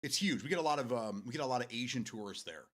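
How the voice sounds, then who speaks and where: Lively, rambling American guy. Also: mid-range voice, rapid-fire. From United States. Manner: rambling, laughs often. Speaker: live-stream host. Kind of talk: casual chat with viewers.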